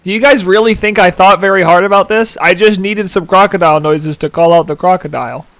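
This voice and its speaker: A man's voice: sits high, fairly quick, fairly bright tone. A man in his twenties streaming a game live, chatting casually, giggling and answering chat aloud. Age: 20s. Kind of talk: casual gameplay commentary.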